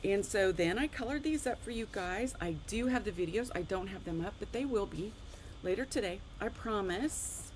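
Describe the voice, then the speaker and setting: A chatty woman hosts a live online craft class, her voice swinging widely in pitch as she shows off her cards. She talks in an animated, exclamatory way. A faint hum of room ambience sits behind her. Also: moderate pace, rough recording. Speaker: card-making instructor.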